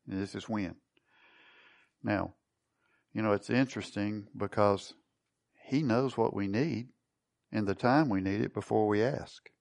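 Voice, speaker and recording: A man's voice: on the low side, gravelly. A man preaching a sermon, teaching and putting questions to his congregation. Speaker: pastor.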